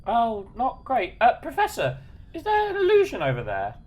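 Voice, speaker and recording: A woman's voice: fairly high pitch, wildly swooping pitch, normal speed, a little mellow. A woman playing a tabletop game, playful and full of questions. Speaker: player.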